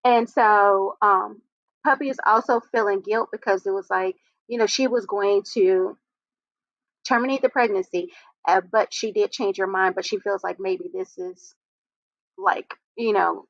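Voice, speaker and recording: A woman host walks through TV scenes in casual chat and drops in blunt opinions as she goes. The voice sits at an average pitch for a woman. It is a dry, close recording with slightly dull, lo-fi sound. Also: fairly bright tone, no room sound. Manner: opinionated, blunt asides while retelling scenes. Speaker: host of a reality TV recap show. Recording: dull, lo-fi audio.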